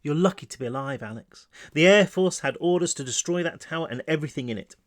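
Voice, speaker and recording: A man's voice: fairly high pitch, animated, quick pace, lightly acted. A man voicing a soothing woman doctor. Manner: soothing, reassuring. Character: kind calm middle-aged woman army doctor.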